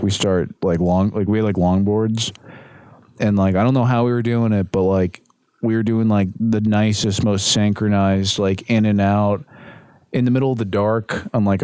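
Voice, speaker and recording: Young dude guest on a podcast, lowish voice, rambly laughing stories, dry close mic. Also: male voice, clear, resonant tone, dry recording. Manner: animated, laughing storyteller. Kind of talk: casual storytelling chat.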